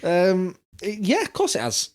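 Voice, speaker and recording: A man's voice: sits high, wildly swooping pitch, slow. A man co-hosting a comedy podcast in a casual, jokey chat, laughing often. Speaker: podcast co-host.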